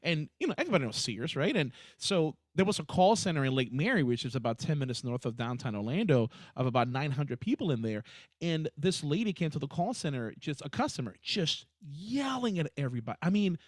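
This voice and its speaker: A man with a fairly high voice talks on a podcast, telling stories in an emphatic, animated way. The sound is close and dry with no room echo. He has a casual, conversational delivery. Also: brisk. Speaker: podcast co-host, HR professional.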